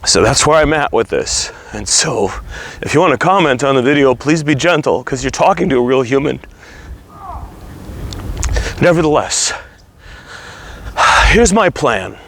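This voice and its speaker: A man vlogging candidly about his weight, earnest and halting. He is slightly out of breath from walking while he talks. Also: medium pitch, animated, a bit bright. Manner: earnest, halting, restarts words while opening up. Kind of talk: candid confessional vlog.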